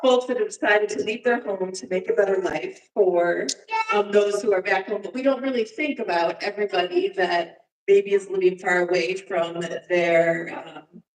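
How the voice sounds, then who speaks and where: A woman presents slides at a church service, her mid-pitched voice heard from some distance. She speaks informally and haltingly, with frequent fillers, and the big room around her gives the sound a reverberant echo. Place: church sanctuary.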